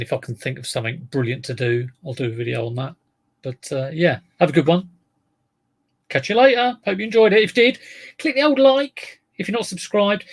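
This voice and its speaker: A man's voice: mid-range voice, creaky, fairly bright tone, breathy edge. A man talking unhurriedly to his live-stream viewers in a rambling, chatty way.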